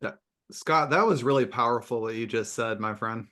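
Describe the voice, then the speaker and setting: A man's voice: mid-range voice, normal speed, bright, forceful tone. A man hosting a podcast interview, affirming his guest with eager, stumbling restarts in casual chat. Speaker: podcast host.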